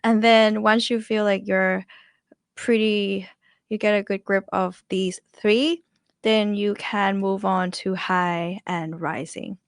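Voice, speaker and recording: A woman's voice: medium pitch, fairly even intonation, slow pace, dry recording, studio quality. A young woman with a Thai accent teaching language tones in a chatty, casual way, often voicing example syllables. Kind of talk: casual online lesson.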